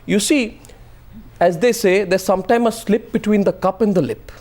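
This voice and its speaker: A man's voice: high-pitched, moderate pace, darkish tone. A man moderating a heated TV debate, insistently cutting in and repeating his questions.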